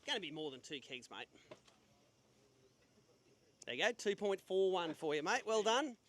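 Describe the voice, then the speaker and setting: Upbeat high-voiced MC. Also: male voice, very animated, normal speed, fairly bright tone. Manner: chatty, upbeat, jokey banter. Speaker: tournament weigh-in host. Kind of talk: live event hosting and quick interviews. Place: outdoor weigh-in stage at a sailing club.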